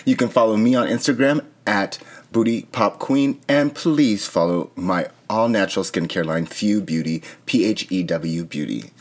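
A man's voice: on the low side, moderate pace. A man co-hosting a podcast in casual chat, with dry, brief, teasing replies. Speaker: podcast co-host.

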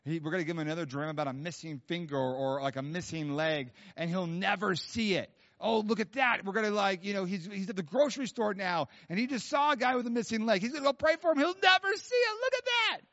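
A man's voice: a little high, fairly even intonation, fast, hardly any pauses, lightly acted. A man acting out a gleeful, mocking heavenly onlooker whose voice climbs to a squeal. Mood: gleeful, teasing. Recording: dull sound with long hall reverb.

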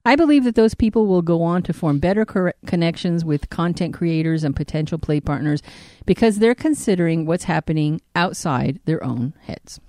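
A woman's voice: lowish voice, moderate pace, dark tone, no echo. A woman co-hosting a casual podcast, giving dry, playful comebacks. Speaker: podcast co-host.

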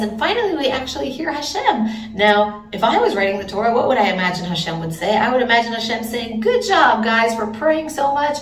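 A woman giving a recorded Bible teaching, earnest and expressive as she retells the story. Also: mid-range voice, roomy sound, far from the mic.

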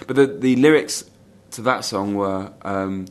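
A man's voice: a little slow, a little hiss or hum. A man co-hosting a casual fan podcast, rambling through stories with many restarts and reading out quotes. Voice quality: says he has quite a high-pitched voice. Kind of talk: casual chat.

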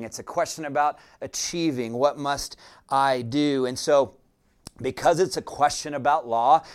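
A male pastor delivers a sermon in a smooth, resonant voice of ordinary pitch for a man. He preaches deliberately and reflectively, often pausing on "uh" as he gathers his thoughts.

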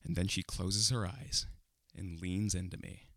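A young man with a lowish but bright, forceful voice tells a comic personal story, laughing often as he drives the tension up. The sound is dry and close, with no room around it. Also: measured pace, dry recording.

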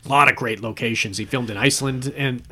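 A man's voice: medium pitch, fast talker, sharp tone. A man co-hosting a casual podcast chat about films, rambling with frequent restarts and easy laughter. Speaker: podcast co-host.

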